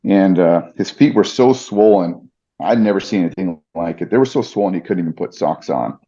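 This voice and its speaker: A man's voice: sits low, a little fast, dark tone, husky, lo-fi sound. A man, a podcast guest and ring announcer, earnestly retelling a personal story with vivid detail and fillers.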